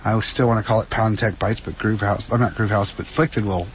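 A man's voice: fairly low pitch, steady tone, a little fast, noisy background. A man hosting a tech radio show, bantering casually and joking with laughing asides. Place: radio studio.

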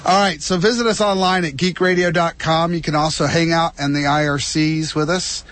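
A man's voice: fairly high pitch, steady tone, normal speed, a bit bright. A man hosting a tech radio show, bantering casually and joking with laughing asides. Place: radio studio.

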